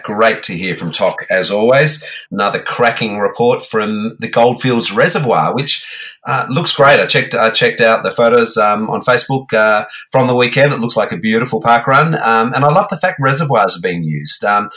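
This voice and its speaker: An Australian man co-hosting a podcast, talking casually and haltingly with many ums and restarts. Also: fairly low pitch, bright, forceful tone. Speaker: guest co-host.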